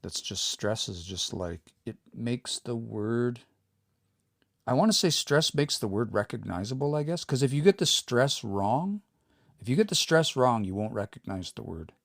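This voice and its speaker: A man leads a casual livestream language lesson at an ordinary, middle pitch. He explains patiently and thinks out loud as he works through his points and answers viewers. The sound is dry and close, with no room echo. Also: sing-song, normal speed, creaky. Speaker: language teacher.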